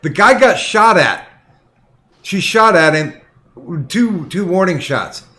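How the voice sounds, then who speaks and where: A man's voice: sits high, sing-song, takes it slowly, bright, forceful tone. A man hosting a casual podcast, retelling a story in a heated, profane way with lots of restarts. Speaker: podcast host.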